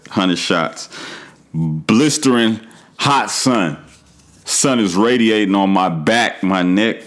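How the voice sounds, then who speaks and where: Male podcast host with a low voice, profane and animated comic storyteller. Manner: animated, profane, swings into high exclamations. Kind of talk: comedic storytelling monologue.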